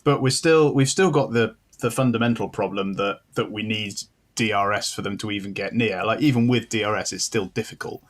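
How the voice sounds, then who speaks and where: A man's voice: on the low side, brisk, hardly any pauses. A man co-hosting a motor racing podcast, talking in a dry, playfully contrarian way. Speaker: podcast co-host. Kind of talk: casual chat.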